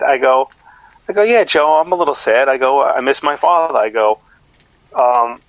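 Rambling podcast dad, fillers everywhere. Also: male voice, on the high side, measured pace, pauses often, no echo, rough recording. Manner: rambling, full of fillers and restarts. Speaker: podcast co-host. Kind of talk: casual chat.

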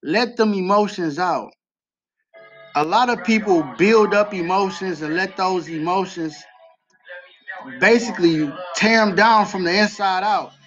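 A man's voice: high voice, a little slow, fairly bright tone, soft background music. A man hosting a podcast, talking earnestly about faith and grief, repeating key phrases for emphasis. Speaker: podcast host. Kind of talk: faith-based personal talk. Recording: slightly dull lo-fi recording.

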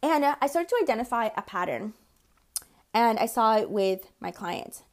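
Her voice is on the high side, animated, at a normal pace. She's a consultant in her forties who hosts a podcast, chatting casually through personal stories, doing the voices of people she quotes and swearing offhandedly.

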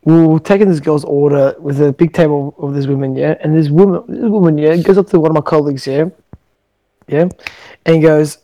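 A man hosting a loose podcast chat, telling stories in a rambling way and swearing freely. His voice sits slightly high for a man. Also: steady tone, brisk, mellow, poor audio. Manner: swears a lot, rambling with many fillers. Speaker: podcast host. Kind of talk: casual chat, storytelling.

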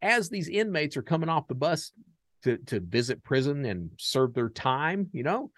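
A man from the United States hosting a podcast, telling a story in a casual, animated and profane way and acting out the dialogue. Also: fairly high pitch, moderate pace, dry recording. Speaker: podcast host.

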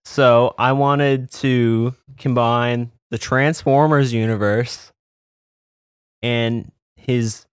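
Panelist, male, slow and rambling, dry close sound. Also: mid-range voice, fairly even intonation, clear, resonant tone, no echo. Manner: rambling, heavy on filler words. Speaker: podcast panelist. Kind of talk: casual chat.

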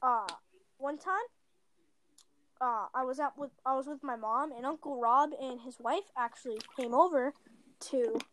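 A woman's voice: high-pitched, a little slow, fairly bright tone. A woman telling a long personal story in a casual chat, rambling with many "like" fillers and self-corrections. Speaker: storyteller guest.

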